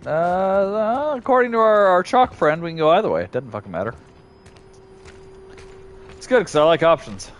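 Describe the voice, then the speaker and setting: Streaming a horror game live, a man comments at normal speed in a high, animated voice, using a mock Cockney-style English accent, swearing freely and talking to himself and the monsters. He leaves long pauses, and there's a little hiss or hum.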